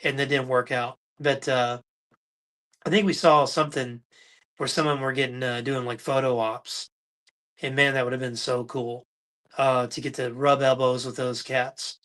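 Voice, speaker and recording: A man hosting a podcast, telling animated stories in a casual livestream chat and acting out the quotes. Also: mid-range voice, moderate pace. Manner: animated anecdotal storyteller, acts out quotes. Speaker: podcast host.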